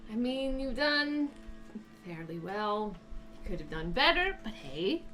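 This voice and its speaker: Woman doing an old dragon god, hardened, gruff, blunt, teasing, bright forceful tone, tabletop game. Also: medium pitch, very animated, a little slow, soft background music. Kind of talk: playing a character in a tabletop game.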